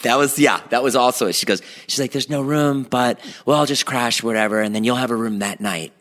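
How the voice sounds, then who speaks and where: A man's voice: medium pitch, a little fast. A man in his forties co-hosting a casual podcast, telling stories with lots of laughter and swearing. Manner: animated storyteller, laughs often, swears. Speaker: podcast co-host. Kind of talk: casual chat.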